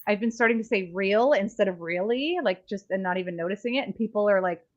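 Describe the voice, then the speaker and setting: A woman's voice: mid-range voice, quick pace, muffled recording. A Canadian woman co-hosting a podcast, chatting casually in a rambling, self-deprecating way. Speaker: podcast co-host. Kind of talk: casual chat.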